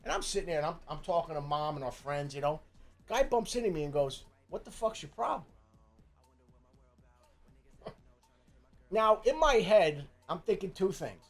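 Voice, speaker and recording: A man's voice: fairly high pitch, animated, moderate pace, faint music behind. A middle-aged man from Jersey City with a New Jersey accent, telling a profane story in casual chat, full of stammering restarts. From Jersey City, USA. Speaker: streamer host.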